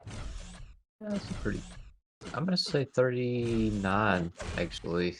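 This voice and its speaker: Male co-caster, low gravelly voice, unhurried reactions, faint line noise. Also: very animated. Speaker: tournament co-commentator. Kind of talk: casual live commentary.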